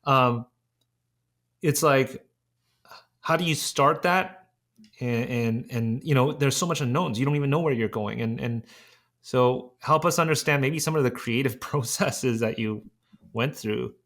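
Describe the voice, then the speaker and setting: A man's voice: mid-range voice, measured pace, a bit bright. A man hosting a podcast interview, asking questions in a hesitant way with many fillers. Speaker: podcast host. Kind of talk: casual interview conversation.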